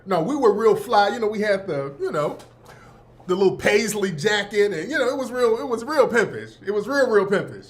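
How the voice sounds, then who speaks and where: High-pitched man telling laughing stories. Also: animated, a little fast. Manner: laughing, nostalgic, slangy. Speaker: host. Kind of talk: casual storytelling.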